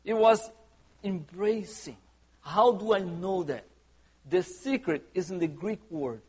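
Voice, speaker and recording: A man's voice: sits high, slow pace, darkish tone, slightly rough. A man preaching a sermon as pastor, conversational and humorous, often asking the congregation questions. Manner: humorous asides.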